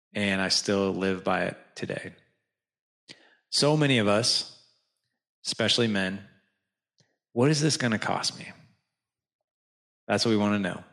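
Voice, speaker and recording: A man's voice: fairly low pitch, vocal fry. A man, a podcast guest, telling his story in a conversational way, acting out quoted dialogue with lots of restarts and "like" fillers. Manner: animated, acts out quoted dialogue. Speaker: podcast guest, founder of a fathers' organization.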